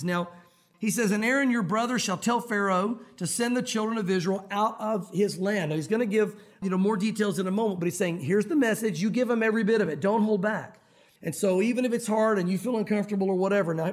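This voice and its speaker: A man's voice: sits high, a little mellow. A man preaching a sermon in a conversational, joking way, stressing key words as he teaches verse by verse. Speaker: pastor.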